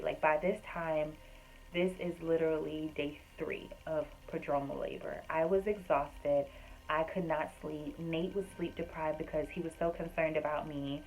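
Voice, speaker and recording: A woman with a low voice tells a personal story straight to camera. She sounds earnest and faith-filled. Her delivery is chatty and loose, with many fillers. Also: steady tone, normal speed, a little mellow, low-quality recording. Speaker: vlogger and homemaker.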